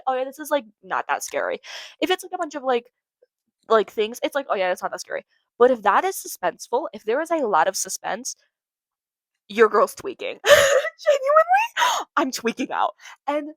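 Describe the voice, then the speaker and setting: A woman's voice: medium pitch, fairly bright tone, dry recording. A young woman hosting a casual solo podcast, rambling and giggly, a little congested from allergies. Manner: rambling, giggly, self-interrupting. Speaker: podcast host.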